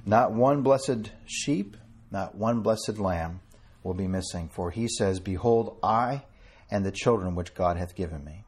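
A man preaching an earnest sermon to a small congregation, quoting scripture and slowing down to stress key words. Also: fairly low pitch, a little mellow, husky. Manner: quotes King James scripture with a chuckle between.

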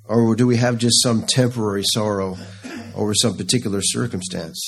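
A man's voice: lowish voice, fairly even intonation, brisk, fairly bright tone. A man preaching a sermon, reading scripture in an earnest, pleading way.

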